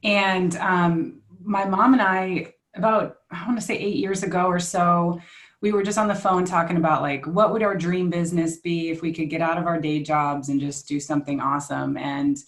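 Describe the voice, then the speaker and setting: A woman in her thirties chatting as an interview guest, in a somewhat low voice. She talks in a relaxed, halting way, pausing with fillers. Her voice rings around a roomy, echoey space. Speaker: guest, tea business co-owner. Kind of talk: casual interview chat. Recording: echoey room.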